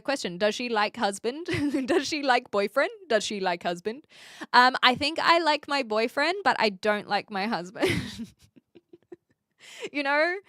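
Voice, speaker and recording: A woman's voice: on the high side, a bit bright, no echo, studio quality. A woman, streaming and chatting casually as she reads viewer comments, rambling and playful with frequent giggles.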